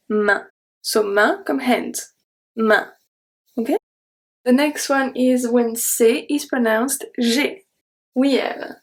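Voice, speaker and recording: A woman with a fairly high voice gives an online French pronunciation lesson. She talks at an unhurried pace and says each example word slowly and carefully, then repeats it. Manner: slow, careful enunciation of example words.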